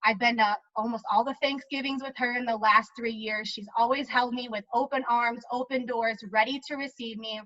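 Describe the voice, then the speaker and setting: A woman's voice: a little high, fairly even intonation, moderate pace, hardly any pauses, bright, forceful tone, no echo. A young woman hosting an online event, giving a heartfelt introduction and repeating key lines for emphasis. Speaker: event host. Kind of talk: emotional introduction. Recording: dull lo-fi audio.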